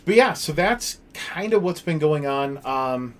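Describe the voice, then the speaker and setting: A man hosting a home livestream, chatting casually with his viewers in a loose, rambling way with many pauses, and speaking openly about personal struggles. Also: a little high, animated. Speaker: livestream host. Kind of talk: casual chat with stream viewers.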